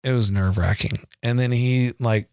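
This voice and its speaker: A man's voice: medium pitch, fairly even intonation, moderate pace, no room sound, clean studio sound. A middle-aged man telling family stories on a casual podcast, rambling with frequent restarts and easy laughs. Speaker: podcast co-host, father. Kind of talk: casual storytelling chat.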